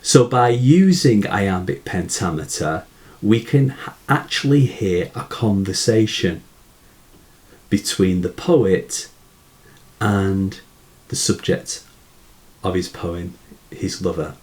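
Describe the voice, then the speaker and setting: A man teaching poetry in a measured way, asking rhetorical questions and reading verse slowly aloud. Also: deep voice, darkish tone. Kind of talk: explanatory lesson.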